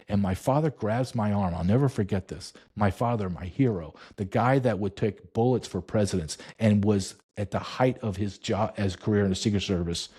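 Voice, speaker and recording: A middle-aged man telling a story in an interview, emphatic and intense, slowing down for dramatic weight. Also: lowish voice, mellow, husky. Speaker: interview guest, former border agent.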